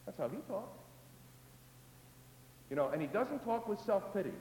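Man preaching a lively, dramatic sermon. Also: high voice, brisk, pauses often, roomy sound, big-room sound, highs cut off. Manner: dramatic swings between loud emphasis and hushed asides; acts out the voices of doubters and psalm prayers.

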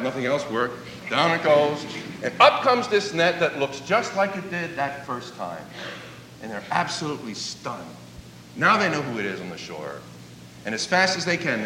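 A man's voice: on the high side, fairly bright tone, a little hiss or hum. A man preaching a sermon, telling a story and acting out its dialogue. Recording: echoey hall, voice from a distance.

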